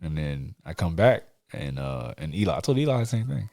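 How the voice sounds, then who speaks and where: A man hosting a casual podcast chat, telling animated stories with frequent laughs and casual swearing. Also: sits low, fairly quick, creaky, no room sound. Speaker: podcast host.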